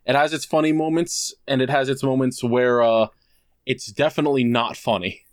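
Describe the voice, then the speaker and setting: A man telling a rambling story on a casual podcast, stopping often on "uh" and acting out what people said. His voice sits at an average pitch. The recording is dry and close. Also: fairly even intonation, moderate pace, smooth, dry recording. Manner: rambling storyteller, many fillers, acts out quotes. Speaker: podcast co-host. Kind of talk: casual chat.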